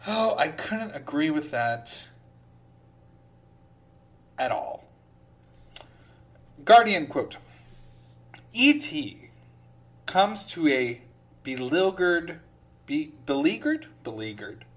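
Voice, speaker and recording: Slow, lively-pitched sarcastic podcast host. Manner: sarcastic asides between quotes; slips into a pompous reading voice. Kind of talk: casual commentary reading film reviews aloud.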